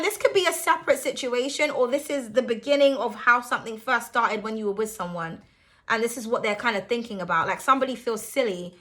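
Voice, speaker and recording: A young woman runs through a tarot reading in a high, sharp, bright voice. She is chatty and blunt, swearing freely and laughing easily between her points. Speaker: tarot reader.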